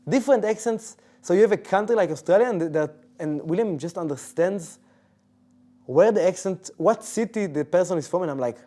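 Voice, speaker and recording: Chill guy chatting on a podcast, mellow warm voice, kinda stop-start. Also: high voice, lively intonation, a little fast. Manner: easygoing, chatty, restarts sentences. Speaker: guest, professional esports player. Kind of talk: casual interview chat.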